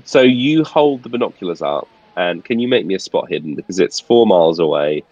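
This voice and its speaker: A man narrating a tabletop horror game as game master, casual and halting with frequent restarts. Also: sits low, animated, a little mellow, no echo, lo-fi sound.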